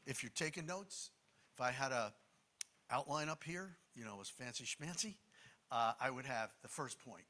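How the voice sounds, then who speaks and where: A man's voice: on the high side, pushed and bright. A man preaching a sermon in an emphatic, conversational way, with asides to the congregation.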